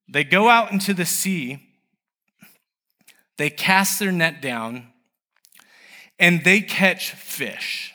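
A man's voice: fairly high pitch, slow pace, long pauses, pushed and bright, in a large hall. A man preaching a sermon in a conversational way, asking the listeners rhetorical questions. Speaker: pastor.

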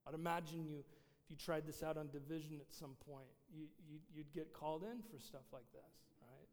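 A man's voice: a little high, steady tone, normal speed, darkish tone. A man, a pastor giving a casual, conversational sermon with many fillers. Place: church sanctuary. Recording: long reverb of a large hall.

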